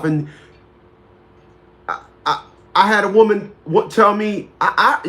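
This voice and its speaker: High-voiced man in his fifties, rambling. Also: slow, long pauses, fairly bright tone. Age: 50s. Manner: rambling, repeats words, greets viewers by name. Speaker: talk show host. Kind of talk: casual livestream storytelling.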